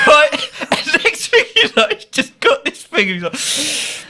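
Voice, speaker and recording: A man's voice: very high-pitched, slow pace. A young man telling a casual anecdote, laughing often and acting out what people said. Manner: laughing often, animated anecdote with quoted voices. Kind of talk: casual storytelling.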